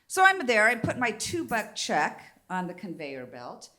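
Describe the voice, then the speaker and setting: A woman's voice: on the high side, expressive, normal speed, hardly any pauses, pushed and bright. A woman in her fifties doing a stand-up comedy set on a theater stage, brassy and bawdy as she teases the crowd. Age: 50s.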